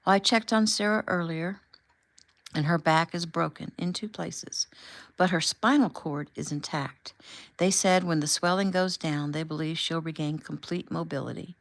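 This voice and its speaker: A woman reading as a gentle, soothing husband. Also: deep voice, fairly even intonation, normal speed, no room sound. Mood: tender. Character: tender reassuring husband, adult man.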